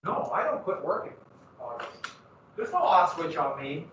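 A man's voice: a little high, very animated, a little slow, a bit bright, slight background noise. A male teacher chatting casually and rambling to his class in a classroom. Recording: echoey room, far from mic, muffled.

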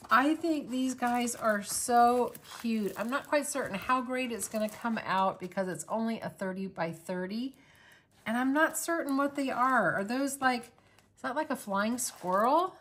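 A woman's voice: medium pitch, a little hiss or hum. A woman hosting a crafting channel, chatting casually and rambling through an unboxing. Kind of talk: casual unboxing vlog chat.

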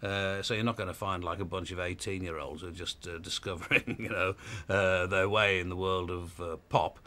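Bright-voiced wry man in his fifties. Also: low voice, steady tone, normal speed. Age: 50s. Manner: wry, self-deprecating, rambling. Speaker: radio DJ. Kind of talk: relaxed archive interview.

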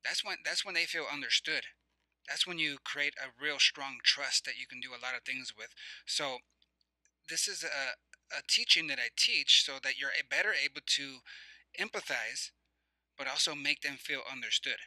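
This motivational coach has a medium, bright voice, a forceful tone, and a moderate pace. Through reflective questions and breathing cues he teaches in a chatty, repetitive manner, stumbling through fillers and restarts. The audio is dry and low quality.

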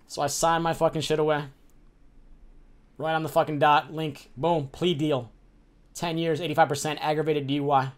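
A man's voice: on the high side, fairly even intonation, moderate pace, pauses often. A young man from the Chicago area telling a personal story in a casual, profane and heated way, acting out the people in it. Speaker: streamer telling his life story.

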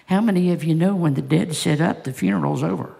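A woman's voice: low voice, quick pace, vocal fry, mellow. A woman pastor preaching a sermon, telling stories with passion and asking the congregation rhetorical questions.

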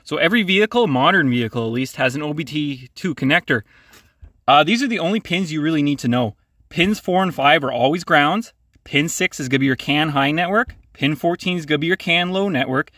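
A man's voice: a little high, a bit bright, dry recording. A male mechanic hosting a casual, plain-spoken how-to tutorial from his garage. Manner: plain-spoken, hands-on, practical. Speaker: mechanic, channel host.

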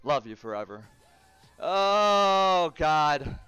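A man's voice: a little high, big pitch swings, drawn-out words, sharp tone, smooth, no room sound, faint music behind. Swearing frustrated man streaming a game. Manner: swearing, frustrated outbursts and laughter. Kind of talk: live gaming stream chatter.

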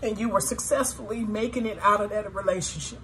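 A woman's voice: mid-range voice, a little fast, a bit bright, a little hiss or hum. A woman giving a tarot reading to her viewers, blunt and often profane, swinging between sorrow and indignation as she talks straight to the audience. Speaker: tarot reader.

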